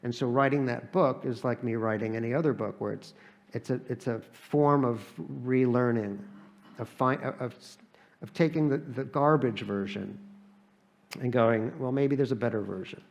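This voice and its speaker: On stage at a live event, an American man who is an author swaps wry, funny stories, often starting his sentences over. He speaks at a medium pitch and a moderate pace.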